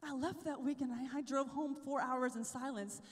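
A young woman giving an animated talk at a youth conference, telling her story, sometimes whispering and sometimes shouting. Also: high voice, normal speed. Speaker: conference speaker. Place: large hall. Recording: long hall reverb.

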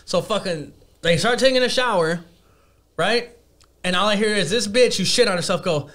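A man with a fairly high voice telling a crude anecdote in loose casual chat. He swears constantly and acts out every quote, his voice leaping up and down. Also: fairly quick. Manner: profane, animated, acts out quotes. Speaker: podcast guest. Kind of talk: casual storytelling.

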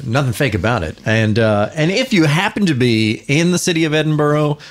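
A man's voice: a little high, animated, brisk. A man co-hosting a comedy podcast, talking in a playful, mock-earnest way into a studio microphone. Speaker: podcast co-host.

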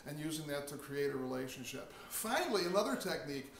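A man's voice: fairly high pitch, very animated, fast talker, fairly bright tone. A man giving a casual lesson on real estate phone skills, talking conversationally and acting out sample phone lines. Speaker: real estate investing teacher. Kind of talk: casual instructional talk. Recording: echoey room from a distance, faint noise.

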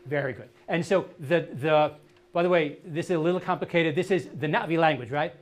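An older man leads an outdoor language class, and his voice sits a little high for a man. He drills words slowly and patiently corrects each student's pronunciation. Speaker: language teacher. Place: outdoor meadow gathering.

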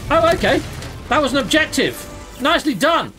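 Excitable British man narrating his gameplay. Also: very high-pitched, a little fast, over music. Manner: excitable, exclaims and yelps during fights. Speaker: gaming channel host. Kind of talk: casual let's-play commentary.

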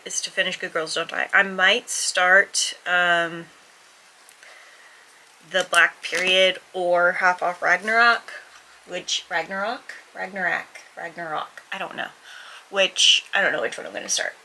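A woman's voice: on the low side, pushed and bright, a little hiss or hum, low-quality recording. A woman vlogging casually at home, out of breath, rambling with lots of hesitant fillers and restarts. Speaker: book vlogger. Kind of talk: casual vlog chat.

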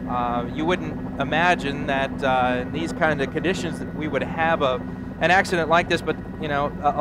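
Male aerial reporter over loud engine noise. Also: mid-range voice. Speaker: helicopter reporter. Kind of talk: live aerial news report.

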